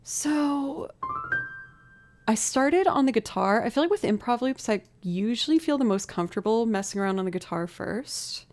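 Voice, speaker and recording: A woman's voice: fairly high pitch, lively intonation, moderate pace, darkish tone, faint music behind. A young woman musician chatting casually on a livestream, thinking aloud and poking fun at herself while she has bronchitis.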